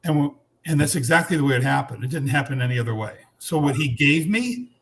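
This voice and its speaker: With a gravelly, mid-range voice that's animated and a touch bright, a man in his sixties shares a personal story as a podcast guest. He speaks bluntly, earnestly and frankly, restarting haltingly as he goes.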